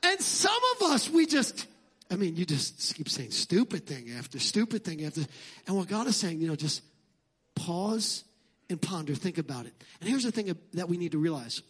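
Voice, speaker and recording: High-voiced animated male preacher. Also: moderate pace, breathy edge. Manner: animated, joking preacher who shouts at times. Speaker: pastor. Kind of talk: sermon.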